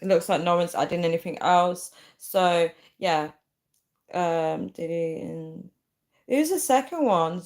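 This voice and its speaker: Young woman livestream host, somewhat low voice, rambling and giggly casual chat. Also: a little slow, darkish tone. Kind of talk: casual live chat reading comments.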